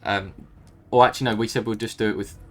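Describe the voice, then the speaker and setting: A man leading a game raid over voice chat, calm and organizing, with polite fillers. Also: fairly low pitch, fast. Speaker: raid leader. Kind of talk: casual voice chat.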